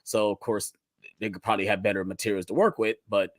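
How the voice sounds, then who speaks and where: A man co-hosting a casual podcast chat, excitably retelling scenes and laughing as he talks. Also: on the low side, fast, dry recording, studio quality. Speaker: podcast co-host.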